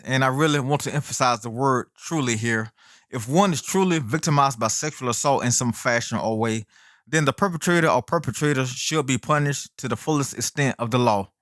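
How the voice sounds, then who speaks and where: A man's voice: medium pitch, fairly bright tone, dry recording, studio quality. A man hosting his own commentary channel, delivering an emphatic, indignant opinion monologue full of rhetorical questions and folksy asides to viewers.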